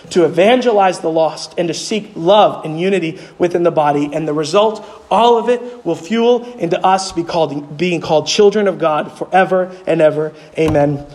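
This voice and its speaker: A male pastor delivering a sermon. He asks rhetorical questions and answers them himself, and his voice climbs higher on the key points. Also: a little mellow. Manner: emphatic preaching, voice climbing high on key points.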